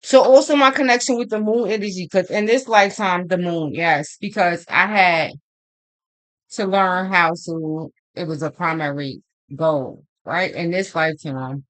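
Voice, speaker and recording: A woman's voice: on the low side, measured pace. A woman who reads astrology and tarot, talking in a casual monologue. She tells stories in a rambling, profane way and keeps acting out both sides of old arguments with emphasis. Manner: animated, profane, rambling storytelling; emphatic back-and-forth retelling of arguments.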